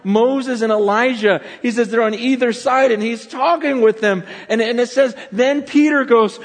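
Middle-aged man, pastor, sermon, animated storytelling, loud-to-hushed swings, long hall reverb. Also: high voice, moderate pace, few pauses.

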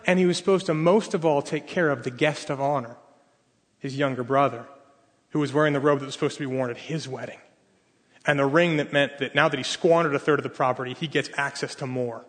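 A man preaching a sermon, retelling a story and acting out each character's pleading and complaints in lively voices. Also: fairly high pitch, quick pace, slightly rough. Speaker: pastor. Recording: reverberant hall.

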